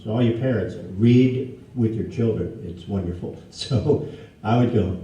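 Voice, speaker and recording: A low, mellow-voiced man in his sixties spins anecdotes for a live crowd, jumping into animated voices for each character he quotes. He sits far from the microphone in a big, echoey hall with a faint murmur behind him. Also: unhurried, dull audio. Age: 60s. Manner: animated, acts out quoted dialogue in raised voices. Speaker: guest speaker before an audience. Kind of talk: anecdotal storytelling to a live audience. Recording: echoey hall, distant mic, faint ambience.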